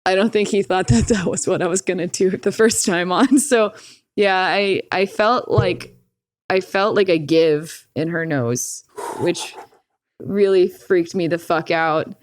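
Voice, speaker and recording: Speaking unhurriedly in a fairly low voice with no echo, a young woman tells a personal story during a casual podcast interview. She's blunt and lively, cursing often and using "like" again and again.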